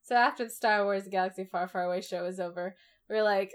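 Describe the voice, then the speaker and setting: A woman's voice: medium pitch, fairly even intonation, a little fast. A woman co-hosting a podcast in casual chat, bubbly and chatty with lots of filler words. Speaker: podcast co-host.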